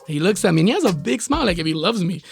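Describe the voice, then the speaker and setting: A man's voice: high voice, very fast, vocal fry, faint music behind. A man, a podcast guest, tells a personal testimony in loose casual speech with lots of fillers, acting out what others said to him. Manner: lively retelling with quoted voices.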